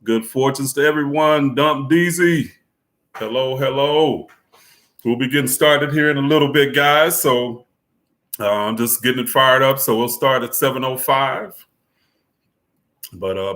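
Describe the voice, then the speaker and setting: A man's voice: mid-range voice, fairly bright tone. A man, chatting casually with his viewers as a live-stream host in a laid-back, talkative way and laughing often. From United States. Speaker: livestream host greeting viewers.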